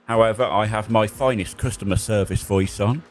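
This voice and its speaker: A young man spotting for a sim racer, calling traffic briskly between jokes. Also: fairly low pitch, faint music behind. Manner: brisk, jokey, calls traffic in short bursts. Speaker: race spotter. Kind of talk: live radio spotting during a sim race.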